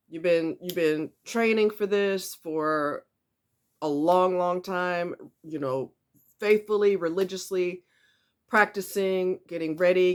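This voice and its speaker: Speaking in a lowish voice, a northeastern American woman vlogs about self-help in a relaxed way straight to camera. She chats easily, laughs readily, and leans on repeated words to stress her points.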